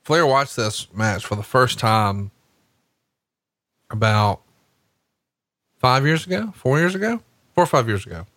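Animated, swearing man on a podcast. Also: mid-range voice, a little slow, pauses often, no echo. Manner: animated storytelling, swears casually. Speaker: podcast host. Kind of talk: casual chat watching wrestling.

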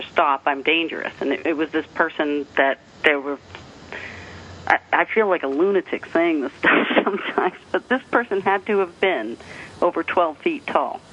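A man's voice: a little high, bright, forceful tone, a little hiss or hum. A man from the northeastern United States calling in to a talk show, telling a personal story in a rambling way with restarts and light laughs. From New Hampshire, northeastern US. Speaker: caller. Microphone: telephone. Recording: tinny phone line.

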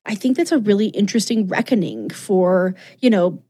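A woman's voice: medium pitch, normal speed, mellow, husky. A woman co-hosting a podcast, chatting casually and rambling animatedly with lots of asides. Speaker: podcast co-host. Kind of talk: casual chat recapping comics.

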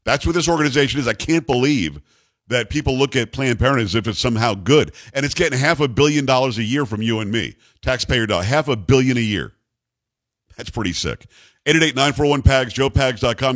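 A man's voice: medium pitch, brisk, fairly bright tone, no echo. A male talk radio host, blunt and opinionated, reading ads and taking calls with self-mocking jokes. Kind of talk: talk radio and live ad reads.

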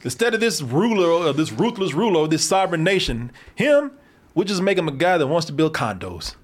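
Animated high-voiced man reviewing movies. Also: fairly quick, a little hiss or hum. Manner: profane, animated, laughs often. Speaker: podcast host. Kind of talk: casual movie review chat.

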